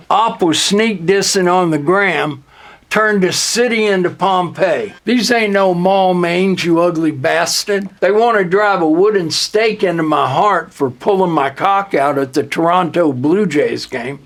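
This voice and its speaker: Slow-drawling high-voiced young man. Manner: deadpan boastful non sequiturs, slow drawl. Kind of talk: absurd comedic rap-persona monologue.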